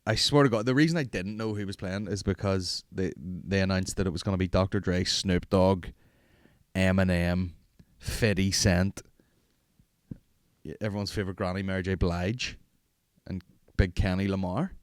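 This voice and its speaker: A man's voice: low-pitched, fairly even intonation, normal speed, no room sound, studio quality. A man, hosting a podcast in rambling, profane, jokey casual chat. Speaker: podcast host.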